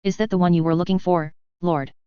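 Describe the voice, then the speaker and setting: A woman's voice: lowish voice, fairly even intonation, fairly quick, clear, resonant tone, no room sound, lightly acted. A woman reading the lines of a large, horned, furry male creature who reports deferentially to his lord, on slightly dull lo-fi audio.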